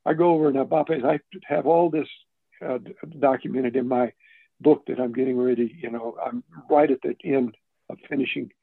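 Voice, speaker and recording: Gravelly older man on a phone line. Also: mid-range voice, steady tone, fairly quick, no echo. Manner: rambling, with many restarts and asides. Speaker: interview guest. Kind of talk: casual storytelling. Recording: dry, tinny phone line.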